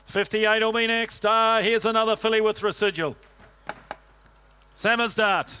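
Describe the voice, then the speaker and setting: A man working as an auctioneer, rattling off bids in a quick rhythmic chant and coaxing bidders. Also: sits high, fairly even intonation, pushed and bright, clean tone. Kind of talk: livestock auction calling.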